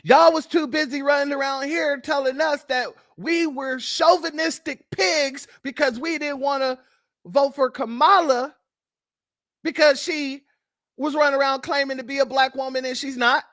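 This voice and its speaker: A man's voice: very high voice, steady tone, normal speed, a bit bright, no room sound, studio quality. A man hosting political commentary, blunt and mocking, firing off rhetorical questions. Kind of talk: ranting commentary on news clips.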